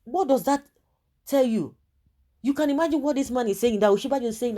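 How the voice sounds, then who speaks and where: A woman's voice: a little fast, long pauses, dark tone. Impassioned woman news presenter. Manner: impassioned, emphatic, pitch jumping up on key points. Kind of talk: reading a statement, then commentary.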